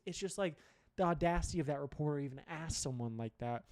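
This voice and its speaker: A man's voice: a little high, fast, a little mellow, no echo. A man hosting a sports show, giving blunt, profane opinions in a rambling solo rant. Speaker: sports podcast host.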